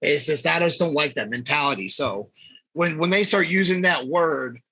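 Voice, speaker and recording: A man's voice: on the high side, lively intonation, moderate pace, sharp tone, breathy edge, dry recording, low-quality recording. A man talking as a fitness coach in a casual podcast chat, blunt and emphatic, swearing freely.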